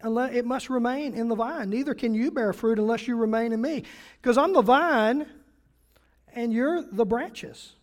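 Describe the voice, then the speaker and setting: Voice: mid-range voice, normal speed. A pastor preaching a sermon, reading scripture aloud and throwing questions at the congregation. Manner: animated, asks the congregation questions; reads and paraphrases scripture aloud.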